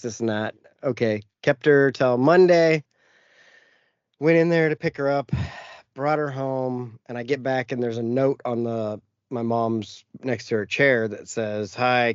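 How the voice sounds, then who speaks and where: A man's voice: mid-range voice, smooth, dry recording. Profane man telling a story, lo-fi. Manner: profane, animated anecdote with acted-out quotes. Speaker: podcast host. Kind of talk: casual storytelling chat. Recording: dull lo-fi podcast audio.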